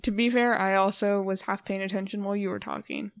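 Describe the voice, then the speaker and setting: Young woman, podcast co-host, casual chat, rambling fillers, gravelly, dry sound. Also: mid-range voice, steady tone, quick pace, no echo. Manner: rambling, filler-heavy, soft-spoken.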